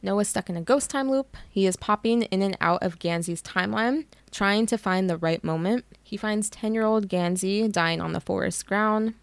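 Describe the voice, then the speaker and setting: A woman's voice: mid-range voice, normal speed, creaky, hardly any pauses, no echo. A woman co-hosting a book podcast, casually retelling the plot with swearing and laughter. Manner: retells the plot, swears freely, laughs at her own reactions. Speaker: podcast co-host recapping a book. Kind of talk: casual chat.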